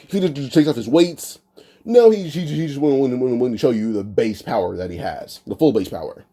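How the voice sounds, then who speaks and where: Very mellow-voiced man rambling through a story. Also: mid-range voice, lively intonation, fairly quick. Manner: rambling, many restarts and "like" fillers. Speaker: anime what-if storyteller. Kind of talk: casual improvised retelling.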